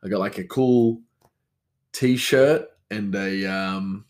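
Rambling man, low voice. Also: slow, darkish tone. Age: 30s. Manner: rambling, self-mocking, talks back to himself. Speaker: podcast host. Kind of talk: solo podcast chat.

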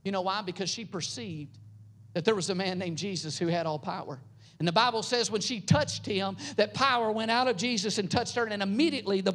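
A pastor preaching a sermon, building up into loud, high passages and then dropping to soft, low, quiet lines.

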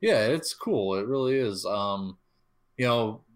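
A man with a lowish voice talks through a film in a relaxed podcast chat. He stumbles, restarts and fills pauses with "um" as he gathers his thoughts. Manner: halting, stuttering, many fillers and restarts. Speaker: podcast co-host. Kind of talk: casual film discussion.

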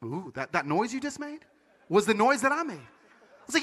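A man giving a conference talk, telling stories in an animated, comic way. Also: sits high, normal speed. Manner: animated, comic, acts out voices. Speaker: conference speaker. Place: conference stage. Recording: large hall reverb.

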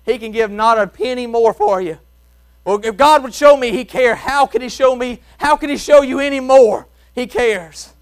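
Southern preacher man, mississippi accent, real high smooth voice, goes from hollering to near whisper, bit of hum behind. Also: normal speed. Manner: swings from shouting to hushed, soft tones; folksy Southern grammar, chuckles while preaching. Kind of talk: revival sermon. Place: church.

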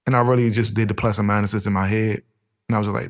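Animated storyteller man, casual slang. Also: lowish voice, quick pace. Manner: animated storytelling, acts out quoted friends. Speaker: podcast co-host. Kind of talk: casual chat.

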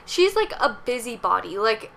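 A woman's voice: on the high side, very animated, normal speed, creaky, crowd noise. A young woman co-hosting a podcast, reacting with exclamations and questions. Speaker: podcast co-host. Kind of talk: casual chat.

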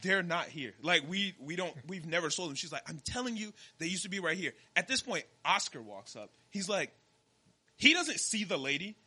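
A man's voice: sits high, sing-song, normal speed, pushed and bright, husky. A young man, a podcast co-host, telling a story in casual chat and acting out the dialogue with animation.

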